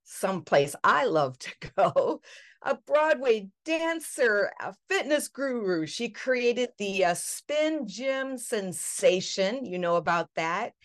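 A woman's voice: mid-range voice, sing-song, slow pace. A woman hosting a podcast interview, giving upbeat, effusive introductions. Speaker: podcast host.

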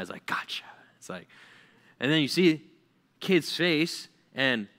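A male pastor preaching a conversational sermon, animated and full of "like" fillers as he acts out stories for the congregation. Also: medium pitch. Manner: frequent "like" fillers.

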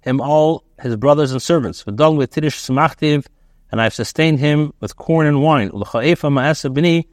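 A man teaching as a rabbi, a text aloud and translating it line by line in a halting way, with many restarts and fillers. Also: fairly high pitch, dry recording, clean studio sound.

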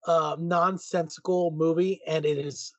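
A man's voice: a little high, level tone, unhurried, dry recording. A man co-hosting a podcast, chatting casually about movies in an easygoing way, laughing often and restarting his sentences. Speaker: podcast co-host. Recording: dry, dull lo-fi sound.

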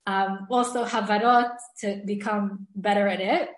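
A woman's voice: medium pitch, fairly even intonation, unhurried, echoey room. A woman teaching an online class, chatty and enthusiastic, often laughing and restarting her sentences. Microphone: video call.

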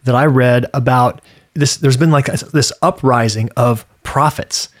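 A man's voice: medium pitch, measured pace. Chatty man telling stories. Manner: animated storyteller, acts out quoted voices. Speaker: podcast co-host. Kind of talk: casual chat, storytelling.

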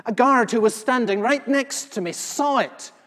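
A male pastor playing the apostle John in a first-person sermon, telling what he saw with earnest feeling, moving between hushed and loud passages. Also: very high-pitched, moderate pace. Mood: awed. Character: the elderly apostle John, solemn eyewitness. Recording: long reverb of a large hall.

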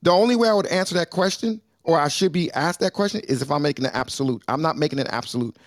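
A man with a fairly high voice, hosting a rowdy talk show. He pushes his point loudly and keeps calling the other guest brother, even when he tries to slow down. The sound is dry and close, with no room around it. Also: dry recording. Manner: boisterous, keeps saying brother. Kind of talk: casual debate chat. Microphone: remote call mic.

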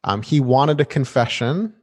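A man co-hosts a podcast, recapping a TV episode in a playful, casual way. His voice sits at medium pitch and moves a little slowly. He's animated and playful, often restarting his sentences.

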